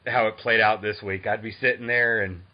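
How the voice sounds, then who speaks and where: A man in his thirties from Boston hosting a podcast, talking in an eager, excitable, fan-like way. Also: on the low side, fairly quick, lo-fi sound. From Boston, Massachusetts. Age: 30s. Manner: eager, excitable, self-described dork. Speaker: podcast host. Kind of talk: casual interview chat.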